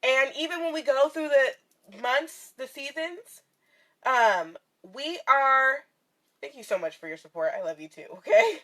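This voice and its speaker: A woman's voice: sits high, animated, unhurried, fairly bright tone. A woman vlogger and spiritual reader talking candidly and tearfully to her viewers, swearing freely and laughing often. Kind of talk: casual heartfelt livestream talk. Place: in her van in bright sunlight.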